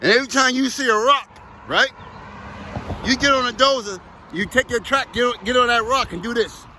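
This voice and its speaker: With an extremely high, sharp-toned voice at a moderate pace, a heavy machinery operator spins emphatic, foul-mouthed, rambling job stories. He is talking casually to camera outdoors near traffic.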